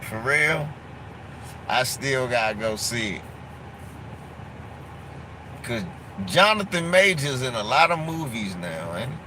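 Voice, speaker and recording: Man, slow drawling reaction commentary, mocking and profane, recorded in a car with loud road ambience. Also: mid-range voice, big pitch swings, a little hiss or hum, rough recording.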